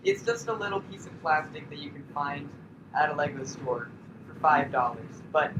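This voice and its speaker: Heartfelt man with a lively voice. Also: on the high side, normal speed, dull audio. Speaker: memorial speaker. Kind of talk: emotional eulogy remarks. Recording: echoey room with noise.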